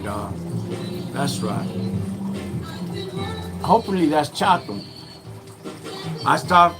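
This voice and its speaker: A man's voice: mid-range voice, low-quality recording. A man in his thirties hosting a casual livestream from his shop, reading viewer comments and giving streetwise advice in heavy slang. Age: 30s. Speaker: livestream host.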